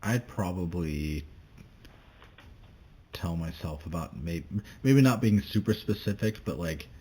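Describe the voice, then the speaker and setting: A man's voice: low voice, animated, unhurried, dark tone, a little hiss or hum. A young man guesting on a podcast, talking in a casual, unsure way full of fillers. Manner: unsure, fills with "like".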